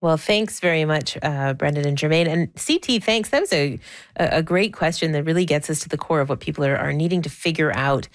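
Female radio host, very low voice, dry studio sound, calm and steady. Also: brisk, no echo. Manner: calm, affirming, smoothly steering. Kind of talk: call-in radio hosting.

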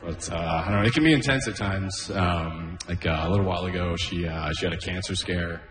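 A man's voice: deep voice, a little fast, over music. A man doing a stand-up comedy set on stage, often laughing at his own jokes and saying "oh, man" between bits. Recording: echoey club room.

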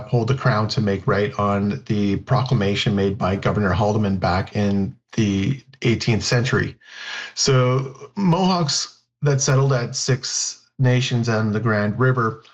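A man giving halting explanations as an expert guest in a radio interview. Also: lowish voice.

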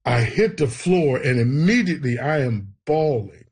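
A man with a husky voice telling an emotional, earnest personal testimony. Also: medium pitch, very animated, moderate pace, darkish tone. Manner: emotional, earnest storytelling with quoted prayers. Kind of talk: personal storytelling.

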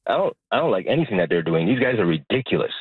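A man's voice: sing-song, racing, breathy edge, no room sound. A man from Montreal calling in to a radio show, ranting angrily and repeating himself in disbelief. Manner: exasperated, repeats himself, rising pitch in disbelief. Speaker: caller. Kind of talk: angry call-in rant. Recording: tinny phone line.

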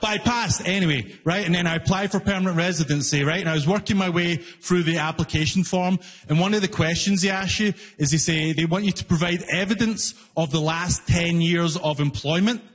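A man performing a stand-up comedy set on stage, animated and acting out the people in his stories. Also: high voice, fairly quick, few pauses, in a large hall. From not from Canada. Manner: animated, acts out characters in raised voice.

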